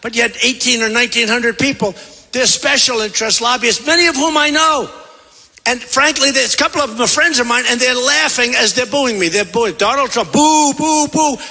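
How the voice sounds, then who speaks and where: A man's voice: very high voice, fairly quick, bright, forceful tone. A man giving a rambling, repetitive campaign rally speech from a podium in a large convention hall. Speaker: political candidate at a rally. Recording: long reverb of a big hall.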